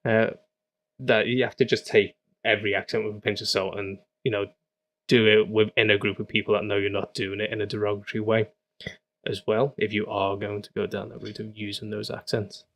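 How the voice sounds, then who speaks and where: A man in casual podcast conversation, his voice low and his delivery flat. He speaks earnestly and matter-of-factly. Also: brisk. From United Kingdom. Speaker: podcast co-host. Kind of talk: casual chat.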